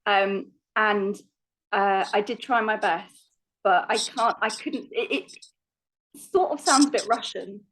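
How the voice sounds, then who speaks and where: A woman's voice: mid-range voice, measured pace, fairly bright tone, poor audio. Woman, young adult, London English accent, interview guest, chatty, self-deprecating. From London, England. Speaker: actress guest. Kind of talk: casual interview chat.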